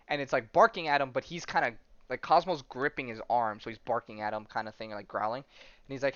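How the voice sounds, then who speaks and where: A man's voice: medium pitch, expressive, fast talker, bright, forceful tone, dry recording. A man hosting a podcast in casual chat, rambling with many fillers and restarts. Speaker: podcast host. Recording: dull, dry sound.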